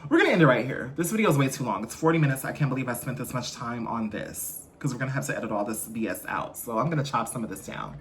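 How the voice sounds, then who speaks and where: A man's voice: medium pitch, animated, fast talker, few pauses, a little hiss or hum. Chatty man ranting on a gossip vlog. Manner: chatty, ranting, playful asides. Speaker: host.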